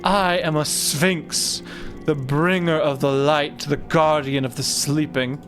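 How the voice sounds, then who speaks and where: A man voicing a solemn female sphinx guardian, reading game lines in a slow, stately way. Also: fairly high pitch, fairly even intonation, a bit bright, soft background music. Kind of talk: reading game dialogue aloud.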